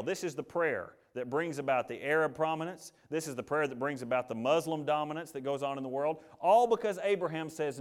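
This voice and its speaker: Guy preaching, kinda high voice, reads the verses then goes emphatic on them. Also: brisk, few pauses. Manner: emphatic, reads scripture aloud then comments conversationally. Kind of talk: sermon with scripture reading.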